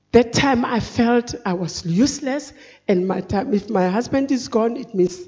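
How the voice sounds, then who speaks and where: A woman preaching an earnest, halting, emotional personal testimony. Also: medium pitch, mellow. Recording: dull recording in a reverberant hall.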